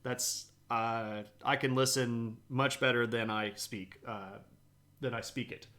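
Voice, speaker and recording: A man from the southeastern United States with a light Southern accent, giving a live-streamed history talk and chatting with viewers, with many pauses and fillers. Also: mid-range voice, steady tone, pushed and bright. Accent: light Southern American.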